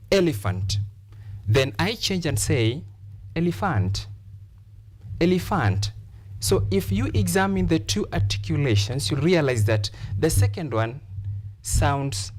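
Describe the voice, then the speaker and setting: A man teaching a lesson on TV. He speaks slowly and deliberately, and his pitch rises and falls widely to stress words. He repeats examples and fills pauses with "uh". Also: darkish tone. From Kenya. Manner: deliberate explaining with repeated examples and frequent "uh" fillers. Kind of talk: televised classroom lesson.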